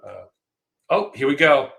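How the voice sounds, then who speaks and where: A man's voice: fairly high pitch, animated, unhurried, vocal fry, pushed and bright, roomy sound. A middle-aged man co-hosting a live trading stream, talking casually with lots of fillers and restarts. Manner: chatty storyteller, frequent fillers and restarts. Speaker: trading show co-host.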